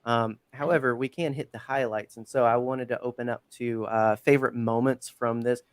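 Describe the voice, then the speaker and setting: A man's voice: medium pitch, fairly even intonation, normal speed, smooth, no room sound. A man hosting a podcast, chatting casually and enthusiastically, rambling with lots of fillers. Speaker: podcast host. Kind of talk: casual chat.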